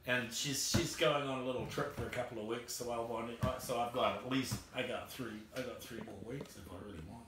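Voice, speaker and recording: A man's voice: medium pitch, steady tone, brisk, few pauses, a bit bright. A man with a New Zealand accent chatting as a visiting guest, easygoing, bantering back and trailing off mid-sentence. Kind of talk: casual chat. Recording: echoey warehouse, far from mic.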